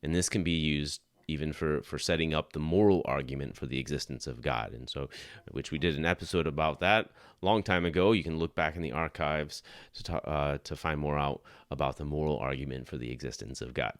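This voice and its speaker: The host of a Christian apologetics podcast, a middle-aged man, speaks with a very deep voice at a slightly fast pace. His delivery is earnest and conversational, full of restarts, and there's no room sound in the recording.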